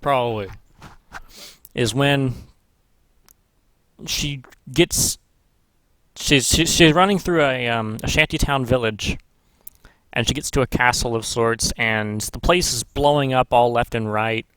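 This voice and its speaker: A man's voice: mid-range voice, slow pace, long pauses, fairly bright tone, smooth, no echo. A man vlogging in casual commentary, rambling and swearing, correcting himself as he goes. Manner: rambling, profane, self-correcting. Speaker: gaming vlogger.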